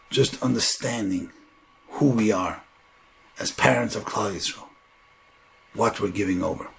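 A man giving a sermon, mixing Hebrew terms into English and building to loud, fervent stretches. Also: creaky, a little hiss or hum. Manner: builds to loud, high-pitched fervor; uses Hebrew and Yiddish terms. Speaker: rabbi.

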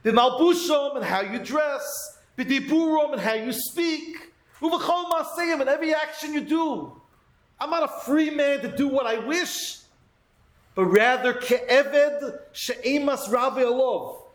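A man's voice: very high voice, a little slow, roomy sound, rough recording. A man giving a Torah lesson, earnestly telling a story and weaving Hebrew terms into his talk. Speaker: Torah teacher.

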